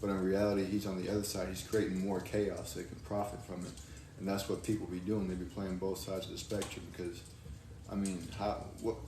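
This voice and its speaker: A young man, co-hosting and explaining his view in a slow, slightly foggy, steady way. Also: on the low side. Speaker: podcast co-host. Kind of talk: casual explanatory chat. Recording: distant roomy mic, faint noise.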